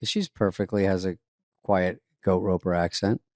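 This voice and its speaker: A man's voice: low voice, steady tone, moderate pace, darkish tone, dry recording, clean studio sound. A man co-hosting a podcast, trading sarcastic, rambling comic riffs in casual chat. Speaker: podcast co-host.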